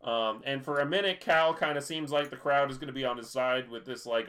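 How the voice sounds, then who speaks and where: This male podcast co-host chats through an episode recap, wandering off and circling back with many fillers and false starts. He speaks a little fast with few pauses, in a bright, mid-pitched, conversational voice.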